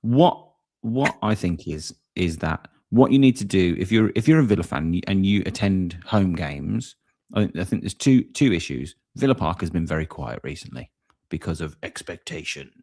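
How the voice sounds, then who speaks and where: A man's voice: deep voice, lively intonation, normal speed, warm tone. A man co-hosting a live fan chat, talking in an earnest, rallying way over a beer. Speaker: fan channel co-host.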